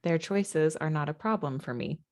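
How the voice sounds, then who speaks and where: A woman's voice: deep voice, moderate pace. A woman hosting a parenting conversation, earnest and speaking straight to parents as she sums up the advice. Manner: earnest, addresses parents directly, sums up points. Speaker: host. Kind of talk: casual podcast chat.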